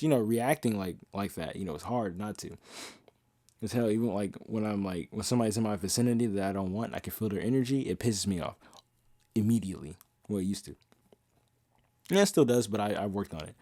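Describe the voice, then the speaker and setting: Young male podcast host, blunt and profane, passionate monologue, low voice, dry recording. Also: dark tone, no room sound. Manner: half-sings song lyrics he quotes. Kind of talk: casual monologue.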